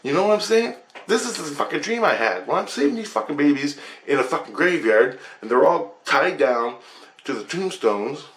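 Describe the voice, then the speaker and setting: A man's voice: medium pitch, a bit bright. A man telling a rambling story about his dreams, profane and agitated. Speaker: vlogger.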